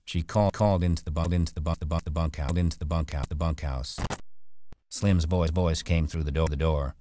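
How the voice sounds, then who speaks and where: A man reading a novel aloud in a steady, low-key delivery, voicing the characters himself. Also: a little fast, no room sound. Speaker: audiobook narrator. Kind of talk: storybook reading.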